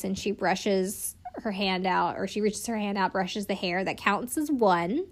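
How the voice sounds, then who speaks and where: A woman's voice: medium pitch, unhurried. A young woman casually recapping a reality show, chatty, swearing freely and laughing often.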